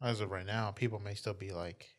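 A man's voice: fairly low pitch, steady tone, a little fast. A man co-hosting a podcast, talking casually and laughing easily. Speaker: podcast co-host. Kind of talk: casual chat and reading aloud.

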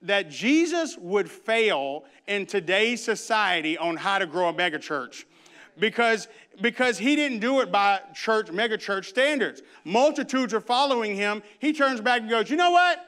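A man preaching a sermon and reading scripture, emphatic, with loud bursts and hushed asides, and humorous conversational stories. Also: high voice, expressive, measured pace, smooth. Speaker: pastor.

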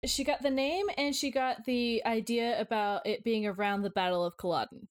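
A woman co-hosting a podcast in casual chat, chatty, with lots of quick asides. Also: fairly high pitch, fairly even intonation. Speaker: podcast co-host.

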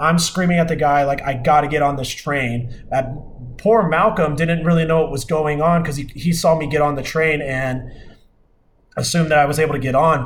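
A man's voice: on the high side, a little hiss or hum. A young man hosting a podcast, telling a travel mishap in a casual, rambling way with lots of fillers and restarts. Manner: rambling, many fillers and restarts, exasperated retelling. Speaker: podcast host. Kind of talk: casual storytelling.

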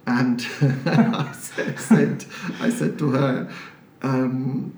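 A man from Syria, a priest and charity director, telling stories with animated emphasis as an interview guest in an office. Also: mid-range voice, extremely slow. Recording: roomy office, mic at a distance, faint hiss.

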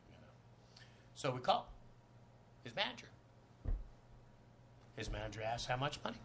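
A man's voice: fairly low pitch, big pitch swings, normal speed, pauses often, fairly bright tone, a little hiss or hum. A man, a guest actor, telling a rambling, profane anecdote full of "you know" in a podcast interview.

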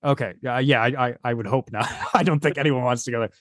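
A man's voice: mid-range voice, fast talker, fairly bright tone, no room sound, clean studio sound. A man hosting a casual podcast, quizzing his guests with playful hypotheticals. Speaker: podcast host.

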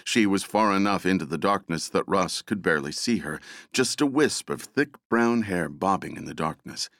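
A man narrating an action novel as an audiobook, dramatic and expressive. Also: deep voice, normal speed, no room sound, studio quality. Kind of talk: scripted narration.

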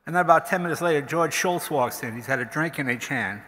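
A man's voice: a little high, a little fast, a little hiss or hum. An older man, a comedian, telling anecdotes on stage at a live event, acting out the people in his stories. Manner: animated storytelling, acts out the people in his stories. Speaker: comedian, guest speaker. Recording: reverberant hall from a stage mic.

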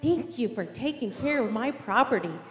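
A woman's voice: on the high side, animated, normal speed, close to an everyday voice. A woman voicing a rich male master in a parable told to children, praising in simple storybook phrasing. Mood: pleased. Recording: echoey church hall.

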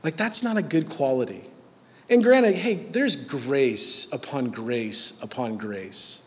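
A man's voice: medium pitch, animated, slow pace, long reverb tail. A man preaching a sermon in a conversational, emphatic way.

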